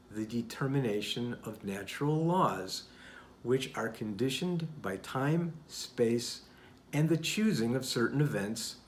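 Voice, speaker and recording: Deliberate, didactic male narrator. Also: mid-range voice, slight background noise. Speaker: channel host. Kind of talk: scripted narration of a rebuttal.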